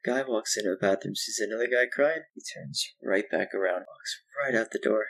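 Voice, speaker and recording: A man's voice: on the low side, brisk, creaky, fairly bright tone, rough recording. A young man co-hosting a casual podcast, laid-back with dry jokes. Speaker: podcast co-host.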